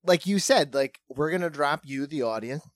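A man's voice: a little high, animated, moderate pace, dry recording. A man from South Dakota in casual conversation as a podcast co-host, chatty and jokey, often trailing off. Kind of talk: casual chat.

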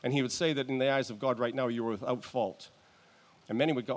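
Halting conversational male pastor preaching. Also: medium pitch, fairly even intonation. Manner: conversational, halting, with restarts and chuckles. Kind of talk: sermon.

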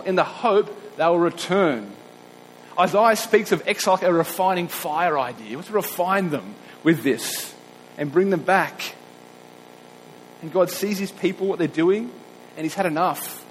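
A man preaching a sermon, earnest and emphatic, slowing down to stress the scripture he reads. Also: a little high, big-room sound, slight background noise, rough recording.

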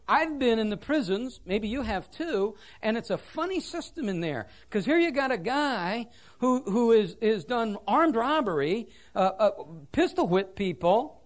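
A man preaching a sermon in church, telling stories with a self-deprecating, animated manner. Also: very high-pitched, measured pace. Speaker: pastor.

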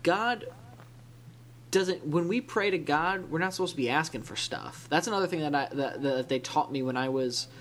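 A man's voice: fairly high pitch, normal speed, fairly bright tone, slight background noise. A man co-hosting a podcast in casual discussion, talking in a thoughtful, rambling way with many restarts. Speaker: podcast co-host.

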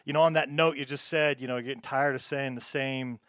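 A man hosts a casual interview and asks long, winding questions in a friendly way. His voice is medium in pitch. The sound is dry and close. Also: steady tone, brisk, fairly bright tone, clean tone, dry recording. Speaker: podcast host.

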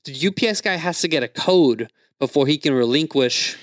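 A man's voice: fairly high pitch, lively intonation, normal speed, no room sound, clean studio sound. A man telling a story in casual chat, laughing often, swearing freely and acting out the people he quotes.

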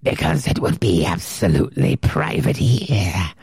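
A man doing a gloating, monstrous Medusa-headed ghoul from a horror comic, speaking low in a gravelly, hissing near-whisper. The voice is dry and close to the mic. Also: big pitch swings, unhurried, darkish tone, dry recording, heavily acted. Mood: menacing gloat. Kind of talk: dramatic reading of a comic.

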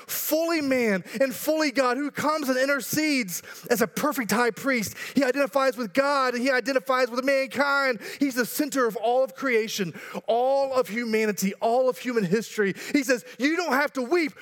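A man's voice: very high voice, a bit bright. A pastor in his thirties or forties preaching a sermon earnestly, building to emphatic repeated lines with joking asides.

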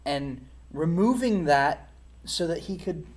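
Male interview guest, fairly high voice, candid and reflective personal testimony. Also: lively intonation, takes it slowly. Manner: reflective, frank storytelling.

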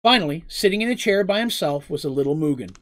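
An expressive storyteller reading a fantasy tale aloud, with a voice that rises and falls in a lively way. The speaker now and then drops the script to chat directly with the listeners. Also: medium pitch, fast.

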